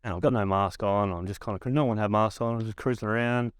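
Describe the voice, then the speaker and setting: Here a thirtysomething Australian who once played pro basketball spins a lengthy yarn as a podcast guest. His lowish, resonant voice is clear and fairly even in intonation, and he speaks fast, laid-back, swearing a lot and leaning on "like" as filler. It's a dry, studio-quality recording.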